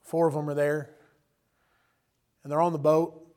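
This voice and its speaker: A man's voice: a little high, flat delivery, measured pace, darkish tone. A man preaching a sermon in a casual, conversational way, often chuckling and acting out the people he quotes. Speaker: pastor.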